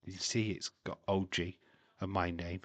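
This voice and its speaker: Stream host, male, slow unhurried delivery, giggly rambling banter, dry close mic. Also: low-pitched, little pitch movement, no echo. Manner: laughs often, rambling with fillers and jokey tangents. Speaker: live stream watch-along host. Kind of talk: casual chat to live chat viewers.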